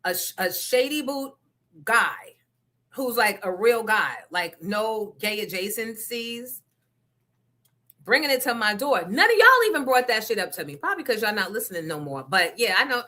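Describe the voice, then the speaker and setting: Female host, confrontational profane rant, bright tense tone. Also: fairly high pitch, animated, moderate pace. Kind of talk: casual rant to listeners.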